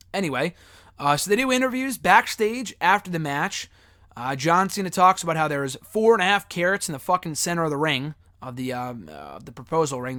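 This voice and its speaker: Brief: young male reviewer, slightly high voice, dry close sound, chatty recap with casual swearing. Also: sharp tone, dry recording. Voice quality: loose, swears often, many fillers. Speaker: wrestling show reviewer.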